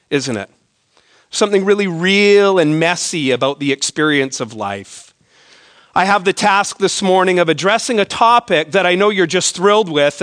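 A man delivers a sermon to his congregation in a relaxed, joking, conversational way, often tossing in "right?". His voice sits high for a man, and the sound is close and dry with little room echo. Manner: conversational, self-deprecating humor with frequent "right?". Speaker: pastor. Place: church sanctuary.

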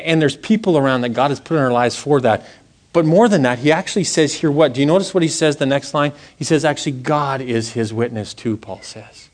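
A man stands before his church and preaches, weaving a story from his own week into the sermon. His voice sits somewhat high for a man and leaps up and down as he acts out what people said. He keeps it conversational, asking the room questions as he goes. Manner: animated storytelling, acts out quotes with big pitch jumps; conversational, asks the audience questions. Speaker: pastor.

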